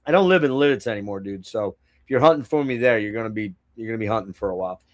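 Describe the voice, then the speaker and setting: A man's voice: fairly low pitch, very fast. A middle-aged man rambling casually to his live-stream viewers, swearing freely and wandering off on tangents. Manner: rambling, profane, chatting to viewers. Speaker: collector streaming a haul show.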